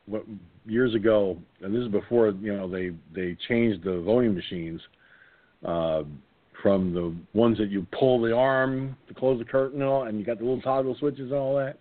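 A man in his sixties hosting a casual talk show, telling a comic anecdote and jumping into silly high voices. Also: steady tone, normal speed. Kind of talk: casual storytelling chat. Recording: phone-line audio.

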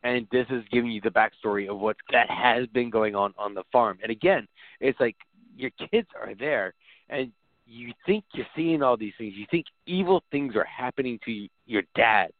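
A man's voice: mid-range voice, lively intonation, moderate pace, no room sound, phone-quality sound. Chuckling man on a dry, phone-thin line. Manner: loose and chuckling. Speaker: podcast co-host. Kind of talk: casual film discussion.

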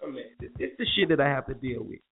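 A man's voice: medium pitch, lively intonation, fast talker, creaky. A man hosting a morning show, ranting about sports in a heated, profane, repetitive way. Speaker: show host. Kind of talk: casual sports rant. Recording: tinny phone-like audio with faint music.

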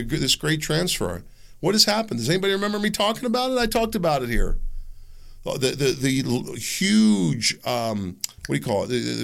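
A man's voice: mid-range voice, gravelly, pushed and bright. A man hosting his own podcast, ranting through solo political commentary and acting out the people he quotes. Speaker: podcast host.

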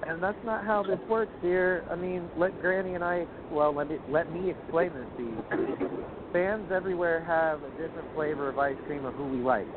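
A man's voice: a little high, moderate pace. A man co-hosting, giving opinionated, ranting takes in casual wrestling chat. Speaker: co-host. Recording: tinny phone line with clear noise.

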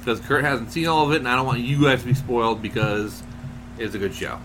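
A man's voice: medium pitch, steady tone, a little fast, noisy background. A man hosting a casual podcast, talking in a loose, jokey way. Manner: jokey, rambling. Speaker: podcast host and announcer.

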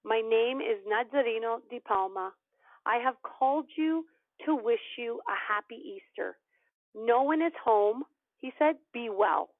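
A fairly high-voiced woman tells a personal story with lively energy, slipping into the voices of the people in it. The sound is thin and phone-like, and it is dry, with no room around it. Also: unhurried, dry recording. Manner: animated storyteller, acts out quoted dialogue. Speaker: podcast guest. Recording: tinny phone-line audio, dry.

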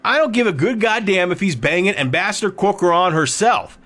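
A man's voice: medium pitch, expressive, normal speed, a bit bright, faint music behind, close to an everyday voice. A man voicing a tough, wry male ex-fighter who talks bluntly with a sarcastic drawl. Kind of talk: audiobook character voice.

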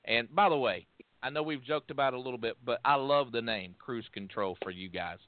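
A man's voice: medium pitch, a little fast, no echo. Man hosting over a thin phone line. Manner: friendly, hesitant with fillers. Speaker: podcast host and announcer. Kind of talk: casual interview hosting. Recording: phone-like, dry sound.

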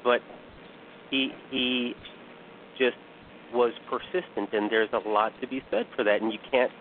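A man's voice: mid-range voice, steady tone, unhurried. Hesitant man guest on a phone line. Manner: hesitant, many restarts. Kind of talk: casual call-in chat. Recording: tinny phone line with faint hiss.

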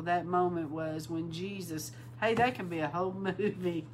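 A woman preaching an informal sermon, calling her listeners bride and repeating words for emphasis, sometimes breaking into loud exclaims. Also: on the low side, steady tone, moderate pace, hardly any pauses, a little hiss or hum, rough recording.

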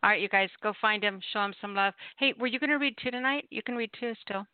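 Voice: medium pitch, fast talker, clean tone, no room sound. An enthusiastic radio host reacting and chatting casually with a caller. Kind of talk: casual on-air chat. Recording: tinny phone line, dry.

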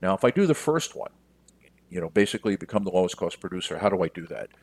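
A man's voice: low-pitched, big pitch swings, fast, a little mellow, no room sound. A middle-aged man from the United States, a business coach talking directly to listeners in a casual podcast monologue. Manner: direct, conversational, addresses listeners as you.

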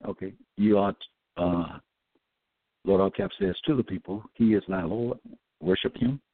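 A low-pitched man with a gravelly edge preaches slowly, his pitch leaping widely as he stresses scripture quotes. He stumbles through fillers and restarts. The sound is tinny and dry, like a phone line. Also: lively intonation. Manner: halting, with many fillers and restarts; emphatic, drawn-out scripture quoting. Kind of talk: religious teaching talk.

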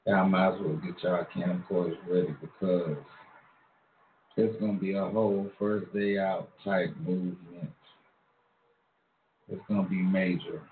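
A man's voice: sits low, fairly even intonation, measured pace, pauses often, a little hiss or hum. A man from Long Island, New York, hosting a casual, slangy street-talk monologue in a laid-back drawl. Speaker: show host. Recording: echoey room over a tinny phone-like line.

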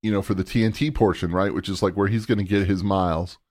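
A middle-aged man with a lowish voice hosts a relaxed interview. He tells stories with animated energy, laughing often and putting on voices for the people he quotes. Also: quick pace, no room sound, studio quality. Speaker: podcast host. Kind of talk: casual interview storytelling.

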